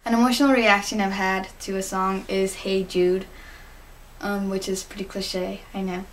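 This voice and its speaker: A woman's voice: medium pitch, little pitch movement, moderate pace, a little hiss or hum. A teenage girl in a casual vlog monologue, answering fan questions in a chatty, giggly, gushing way with lots of fillers. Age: teens.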